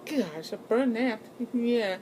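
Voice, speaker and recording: A woman's voice: fairly high pitch, takes it slowly, background noise. A young woman telling a personal ghost story in a casual, rambling way, full of fillers and restarts. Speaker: channel host.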